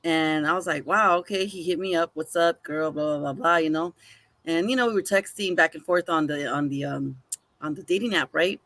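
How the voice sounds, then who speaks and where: In a low voice and at a brisk pace, a podcast co-host recounts a story during casual conversation. She's animated, swears casually, and performs both sides of the quoted dialogue. The recording has no echo.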